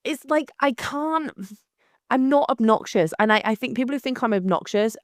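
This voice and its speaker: A young woman, hosting her own podcast in a blunt, animated, casual monologue with frequent restarts. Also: fairly high pitch, moderate pace, no room sound, studio quality.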